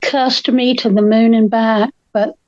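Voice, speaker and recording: A woman's voice: fairly high pitch, steady tone, a little slow, darkish tone, no room sound, highs cut off. An older woman, a co-host telling stories in casual chat, feisty and acting out the voices of the people she quotes.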